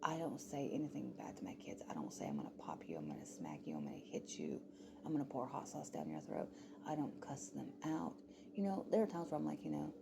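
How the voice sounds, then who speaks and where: A woman's voice: deep voice, lively intonation, quick pace, gravelly, noisy background. A woman vlogger talking in a rambling, heated casual monologue, full of fillers and swearing.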